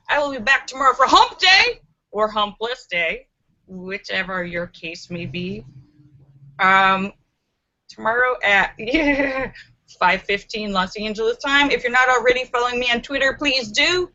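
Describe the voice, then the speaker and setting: A woman's voice: expressive, measured pace, pushed and bright, lo-fi sound. A woman hosting a casual live stream, reading viewer comments aloud and chatting playfully with plenty of laughter. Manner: playful, laughs often, acts out stories with squeaky voices. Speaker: livestream host. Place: home in Los Angeles.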